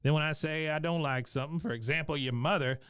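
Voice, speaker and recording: A man's voice: a little high, quick pace, a bit bright, smooth, no echo, studio quality, voice pushed up, natural voice. A man doing a cranky sneering old man. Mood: scolding.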